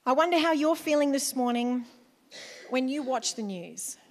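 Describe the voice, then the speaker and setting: A woman's voice: high-pitched, animated, normal speed, a little mellow, slight background noise. A woman pastor with an Australian accent giving a chatty, conversational sermon in church, with asides to the congregation.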